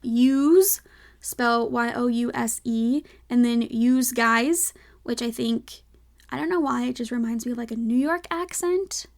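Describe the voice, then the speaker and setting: A woman's voice: on the high side, a little slow. A young woman with a light Southern American accent, hosting a casual solo podcast, chatty and full of "like" fillers and self-checking asides. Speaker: podcast host.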